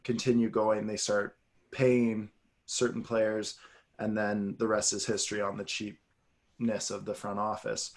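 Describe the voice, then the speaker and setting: A man's voice: lowish voice, flat delivery, a little slow. A man co-hosting a sports podcast, talking casually and animatedly, drifting into tangents. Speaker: podcast co-host.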